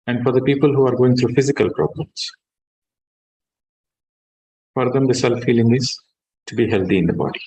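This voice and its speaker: A man, a meditation teacher guiding a session and then giving a calm, measured spiritual talk that stresses key words. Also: mid-range voice, rough recording.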